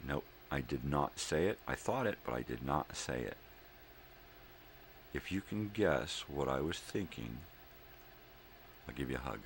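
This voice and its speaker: A man's voice: a bass voice, expressive, a little slow, gravelly, long pauses, slight background noise. An older man hosting his own daily show, rambling casually at home with laid-back slang, jokes and thinking aloud.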